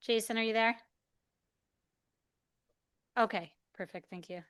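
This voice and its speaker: A woman's voice: on the high side, measured pace, a bit bright, clean tone, dry recording, studio quality. A woman chairing a legislative committee hearing, courteous and procedural.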